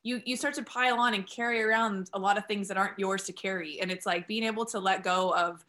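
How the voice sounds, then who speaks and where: Bright, chatty woman podcast host. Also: mid-range voice, fairly even intonation, fast. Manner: chatty and affirming. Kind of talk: casual conversational interview.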